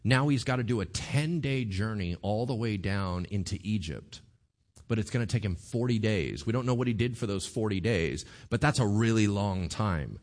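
A man preaching a sermon, retelling a story in an animated way and acting out the voices of the people in it. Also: on the low side, normal speed. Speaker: pastor.

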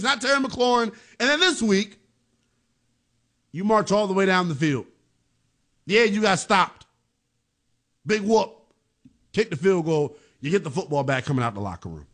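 A man's voice: high-pitched, a bit bright. A man hosting a sports talk show, giving heated, emphatic commentary with casual slang. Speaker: sports radio host.

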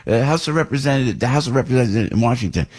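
A middle-aged man hosting a radio talk show, rambling excitedly and repeating his words as he tells a story. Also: mid-range voice, rapid-fire, husky. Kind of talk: casual on-air storytelling.

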